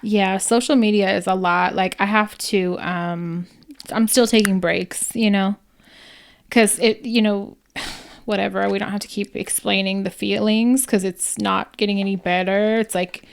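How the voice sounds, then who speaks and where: A woman's voice: mid-range voice, steady tone, measured pace, gravelly, smooth. A woman co-hosting a casual podcast chat, speaking in a casual, agreeable and weary way. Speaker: podcast co-host.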